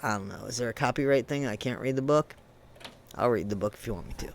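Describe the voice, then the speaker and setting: A man giving a ranting true crime commentary, indignant and emphatic, swinging between loud bursts and low muttering. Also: quick pace.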